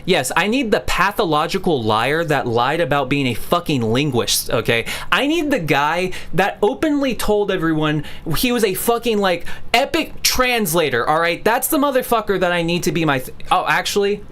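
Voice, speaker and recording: A man's voice: sits high, sing-song, moderate pace, hardly any pauses, a bit bright. A male streamer ranting to his livestream chat, profane and sarcastic. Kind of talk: livestream rant.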